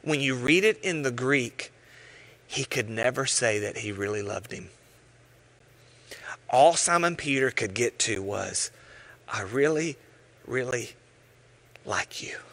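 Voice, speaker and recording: A man preaching a sermon, telling stories with animated voices and sometimes dropping to a hush. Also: mid-range voice, a little slow, pauses often. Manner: animated storytelling, acting out voices, dropping to hushed tones. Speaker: pastor.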